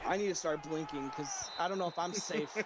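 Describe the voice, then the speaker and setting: High-voiced, laughing play-by-play man. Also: brisk, noisy background. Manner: jokey, laughs often, excited shouts on big plays. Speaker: play-by-play commentator. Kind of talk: casual stream game commentary.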